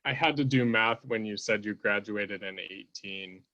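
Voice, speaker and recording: A man in his thirties with a lowish voice chimes in on a video call. His remarks are dry and low-key, said offhandedly in a casual chat. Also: normal speed, pushed and bright. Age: 30s. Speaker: student club member.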